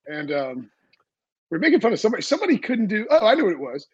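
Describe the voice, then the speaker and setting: A man's voice: high-pitched, huge pitch swings, fast talker, slightly rough, no room sound, highs cut off. A man hosting a sports podcast, chatting casually in a rambling way with many fillers and restarts. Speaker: podcast host. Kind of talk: casual chat.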